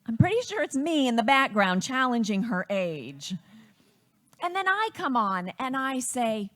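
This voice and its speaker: A woman from Wisconsin telling a personal family story in a reflective, unhurried way. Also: sits high, sing-song, fairly bright tone.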